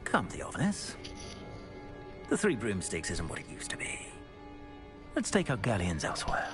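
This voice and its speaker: A sneering dark wizard, low and mocking. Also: male voice, wildly swooping pitch, normal speed. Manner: smooth, contemptuous and taunting. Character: sneering older male dark wizard, menacing. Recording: game audio with music behind.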